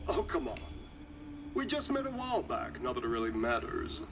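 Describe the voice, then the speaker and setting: A man's voice: mid-range voice, huge pitch swings, normal speed, gravelly, crowd noise. An actor playing a scheming, crude male villain in a video game, talking in a taunting, swaggering way. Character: scheming, mocking villain man, cocky and crude. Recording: game audio with noisy ambience.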